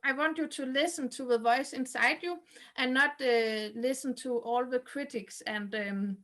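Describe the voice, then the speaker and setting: A woman's voice: high-pitched, unhurried, fairly bright tone. A woman guest on a podcast over a video call, answering hesitantly with many restarts and fillers. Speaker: guest cartoonist. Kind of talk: interview answers.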